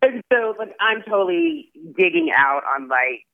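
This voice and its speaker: An actor guest chats effusively in a casual interview, peppering his speech with "like" and "you know." His voice sits high with huge pitch swings and a slightly slow pace, heard over a tinny phone line.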